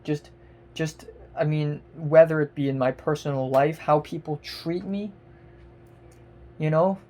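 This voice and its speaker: A woman's voice: low voice, fairly even intonation, a little slow. Exasperated woman ranting into camera. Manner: exasperated, profane, repeats words and restarts, bursts of loudness. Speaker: vlogger. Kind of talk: angry vlog rant.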